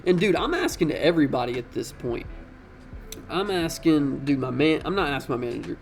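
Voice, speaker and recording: Young man, gravelly voice, slightly high, slangy casual storytime, animated and cussing. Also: fairly quick, faint music behind. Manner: slangy, animated, swears freely.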